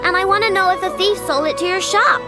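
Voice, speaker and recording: A woman's voice: extremely high pitch, fast talker. An actress playing a spirited young woman who runs a craft shop in a video game, talking in a blunt, cheeky way. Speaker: game character. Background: music.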